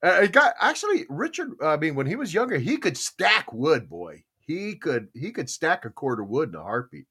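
An older man hosts a relaxed morning show. His slightly high, bright voice swings freely in pitch. He wanders through stories, repeats phrases and chuckles along the way. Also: normal speed, few pauses, husky. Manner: rambling, chuckling, repeats himself. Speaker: host. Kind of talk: casual morning-show chat.

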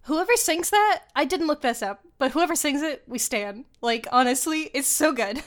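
A young woman co-hosts a podcast, chatting casually about a film in a giggly way, full of slang and fillers. Her high voice is expressive, and she speaks at a moderate pace.

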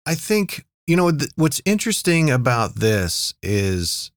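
A man's voice: medium pitch, sing-song, unhurried, no echo, clean studio sound. A man co-hosting a casual TV review chat, talking in a hesitant, conversational way with frequent restarts. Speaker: podcast co-host.

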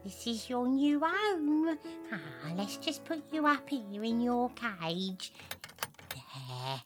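A woman's voice: fairly high pitch, very animated, takes it slowly, soft background music. A woman playing a cooing fussy old lady. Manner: cooing, sing-song baby talk. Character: doting fussy old lady pet owner.

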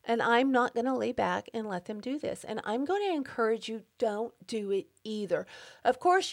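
A woman's voice: mid-range voice, gravelly. A middle-aged woman hosting her own podcast, speaking an emphatic, indignant personal monologue and getting worked up as she talks. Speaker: podcast host.

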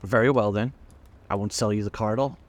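Audiobook casting: deep-voiced man as a gruff, blustering, burly wealthy bully, brisk delivery. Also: expressive, a little mellow. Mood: annoyed. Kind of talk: audiobook reading.

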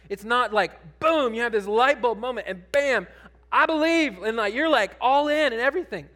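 High-voiced man preaching a sermon. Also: moderate pace, fairly bright tone. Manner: conversational, building to emphatic preaching. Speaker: pastor.

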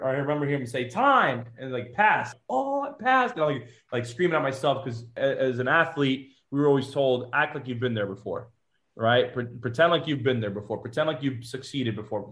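Fast-talking man telling his story. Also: medium pitch. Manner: animated retelling with quoted dialogue. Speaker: police officer. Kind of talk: personal storytelling.

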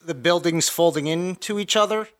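A man co-hosting a podcast, talking in a halting, filler-heavy way with a dry, defensive edge. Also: fairly high pitch, a bit bright. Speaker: podcast co-host. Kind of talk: casual chat.

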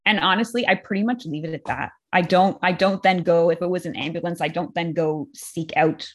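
A woman with a notably low voice talks through her training methods in a relaxed, chatty way. She explains step by step and fills her sentences with casual "like"s. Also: a little fast. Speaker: dog trainer, co-host.

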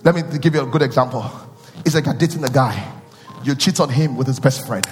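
A man preaching a sermon with call-and-response, swinging from loud chanting to low, intimate asides. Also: fairly quick. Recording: long hall reverb with faint music.

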